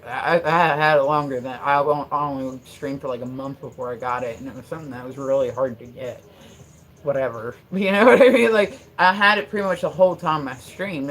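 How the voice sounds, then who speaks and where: A woman live streamer rambling casually at home, full of fillers and swearing. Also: a bass voice. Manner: rambling, profane, many fillers. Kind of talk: casual livestream chat. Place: at home with her dog.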